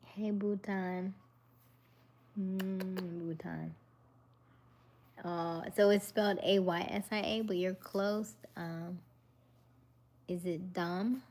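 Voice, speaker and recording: A woman hosting a casual evening livestream, greeting viewers by name and chatting about relationships in a soft, often half-whispered voice. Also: fairly low pitch, fairly even intonation, slow pace, pauses often. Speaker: livestream host. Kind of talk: casual live chat reading viewer comments.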